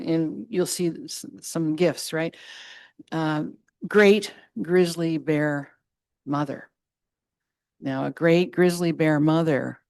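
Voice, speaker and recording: A middle-aged woman giving an impassioned address to a community meeting, earnest and halting, rising to loud passion. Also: fairly low pitch, no echo. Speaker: guest speaker.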